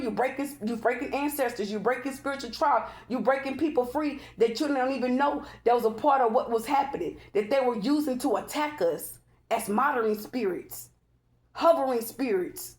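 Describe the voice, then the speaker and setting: A woman's voice: a little high, normal speed, a little mellow. Chatty woman giving a tarot reading. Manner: chatty, repeats "okay?" often, emphatic and preachy. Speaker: tarot reader. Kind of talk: casual spiritual tarot reading.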